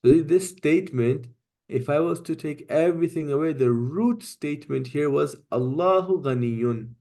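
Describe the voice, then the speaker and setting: A warm, fairly high-pitched man instructs a Quranic Arabic class, explaining grammar with patience. He recites verses quickly and often checks understanding with "right?" and "okay?".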